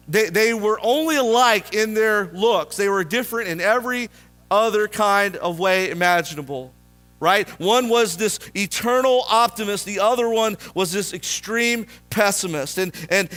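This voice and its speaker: A man's voice: sits high, fairly bright tone. A man preaching a sermon in church, telling a story and asking the congregation questions. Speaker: pastor.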